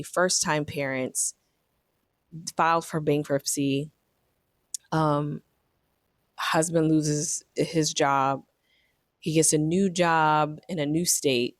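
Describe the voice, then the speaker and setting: A woman in her thirties, a marriage coach, telling a personal story in a reflective, earnest way with many fillers, turning animated in her examples. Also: deep voice, dry recording, clean studio sound.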